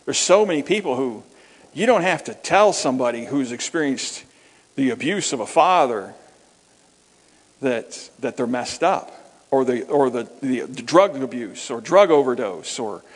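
An earnest man preaching from a pulpit, telling a story in a middle-pitched voice that often stumbles over and repeats words. His voice rings with a long hall reverb. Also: animated, normal speed, slightly rough. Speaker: minister. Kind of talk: sermon storytelling.

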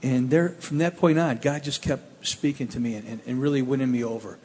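A man from the Cleveland area telling his own testimony in a plainspoken, animated storytelling way. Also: mid-range voice, fairly quick, breathy edge, in a large hall.

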